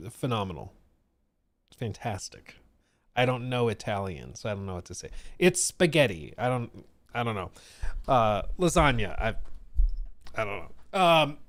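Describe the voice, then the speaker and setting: A man's voice: mid-range voice, very animated, unhurried, long pauses, a bit bright, no echo. A man chatting casually on a live stream, reacting to gaming news, rambling, laughing and reading chat comments aloud.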